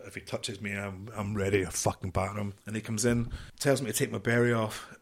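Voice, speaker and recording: A man's voice: medium pitch, steady tone, brisk, hardly any pauses, slightly rough. A middle-aged man from the United Kingdom, a former marine guest telling stories bluntly, with frequent swearing. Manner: blunt, swears often, vivid anecdotal storytelling. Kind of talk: casual storytelling interview.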